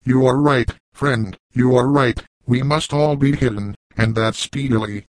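A man's voice: medium pitch, steady tone, a little slow, dry recording, lightly acted, poor audio. A man reading as a blunt old backwoods trapper. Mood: stern. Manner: plainspoken, folksy and chiding.

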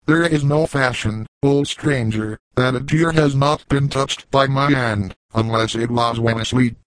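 A man's voice: medium pitch, a little slow, dry recording, lightly acted, poor audio. A man voicing a young frontier hunter who talks in a boastful, easygoing way.

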